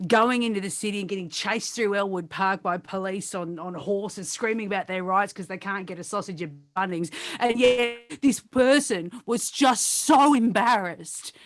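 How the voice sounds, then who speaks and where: A woman's voice: medium pitch, normal speed, hardly any pauses. An Australian woman from Melbourne, co-hosting a comedy podcast with wry, teasing banter. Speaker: podcast co-host.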